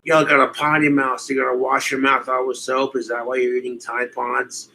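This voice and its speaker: Man, streamer, reaction commentary, bright edgy tone, rambling and profane, mocking impressions. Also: medium pitch, level tone, brisk, slight background noise, rough recording.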